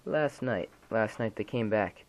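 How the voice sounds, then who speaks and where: In a dramatic horror-story reading, a man with a lowish, slightly mellow voice and measured pace plays a terrified middle-aged woman caller who is hiding. He voices her panic, pleading and sobbing, over dull audio.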